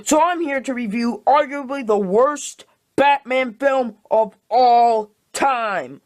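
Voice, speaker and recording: A woman ranting in a casual movie review, exasperated and repeating herself. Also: on the high side. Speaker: video reviewer.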